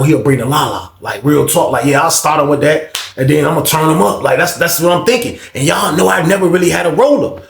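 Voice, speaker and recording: A man's voice: a little high, vocal fry, echoey room, a little hiss or hum. A man telling a casual storytime monologue in slang, acting out both sides of the conversations.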